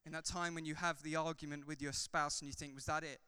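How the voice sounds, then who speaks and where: A man who is a pastor, preaching a sermon in a church hall, swinging from loud fervor to soft, chatty asides. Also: a little high, flat delivery, quick pace, clean tone. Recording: long hall reverb.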